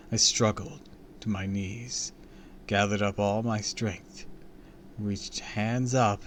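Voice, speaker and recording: Bright-voiced man reading a spooky story. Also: on the low side, a little hiss or hum. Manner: dramatic, dropping to whispers for tension. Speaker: story reader on a stream. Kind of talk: reading a horror story aloud.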